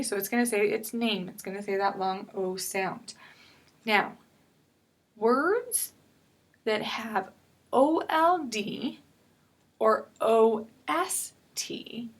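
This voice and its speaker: A woman teaching a phonics lesson to young children, patient and deliberate, spelling words out letter by letter and checking in with "okay?". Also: fairly high pitch.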